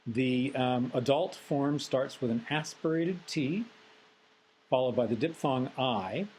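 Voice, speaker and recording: A man teaching a recorded software tutorial lecture, methodical and explanatory with frequent ums. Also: medium pitch, slight background noise, rough recording. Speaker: instructor.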